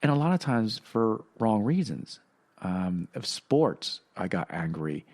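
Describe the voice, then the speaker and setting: Middle-aged guy podcasting, kinda low voice, telling his own story slow and halting, lots of ums. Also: sing-song, a little mellow. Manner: halting, reflective, many fillers and restarts. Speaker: podcast host. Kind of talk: personal storytelling.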